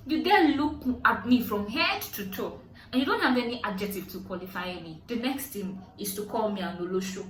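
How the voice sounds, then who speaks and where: Nigerian lady vlogging, bright sharp voice, acting out the quotes loud and high, kinda far off in a roomy echo. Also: sing-song, brisk. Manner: acts out quotes with sudden high-pitched outbursts. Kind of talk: animated storytelling. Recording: echoey room, voice set back from mic.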